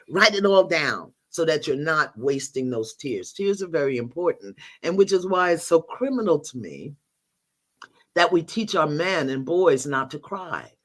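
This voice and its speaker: With a low voice, an older woman serving as a guest teacher in a spiritual discussion tells lively stories, performing bits of dialogue and frequently laughing.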